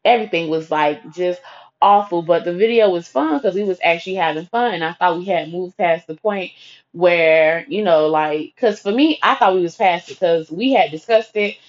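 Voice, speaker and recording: A young woman telling a story on her vlog in a blunt, profane, animated way. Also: lowish voice, moderate pace, muffled recording. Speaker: vlogger. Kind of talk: storytime monologue.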